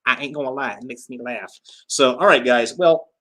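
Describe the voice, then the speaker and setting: A man's voice: mid-range voice, moderate pace, fairly bright tone. A man hosting a casual livestream, chatting and reading out viewer comments with frequent fillers and laughs. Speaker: livestream host.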